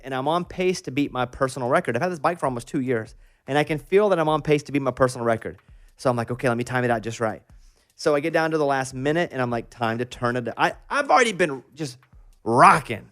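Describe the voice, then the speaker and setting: A man hosting a morning radio show, telling a long personal story in an animated, self-mocking way. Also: medium pitch. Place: radio studio.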